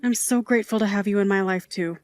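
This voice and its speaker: A woman playing a doting, playful middle-aged aunt who works nights at a bar, quick to mock offense and to tears. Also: mid-range voice, no echo, clean studio sound, natural voice. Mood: tender. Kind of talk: audio drama acting.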